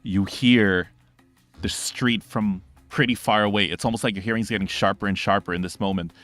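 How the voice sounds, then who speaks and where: A young man with a lowish voice runs a tabletop game as game master, narrating fast and animatedly with sound effects and quick restarts. The recording is dry, with faint music behind him.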